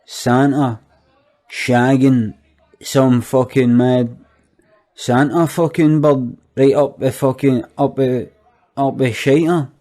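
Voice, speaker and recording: A man's voice: mid-range voice, fairly even intonation, slow, warm tone, lightly acted. A man with a Glaswegian accent playing a skint, foul-mouthed young Glasgow man, rambling and swearing constantly in a comic rant. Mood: incredulous ranting. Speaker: comic monologue character.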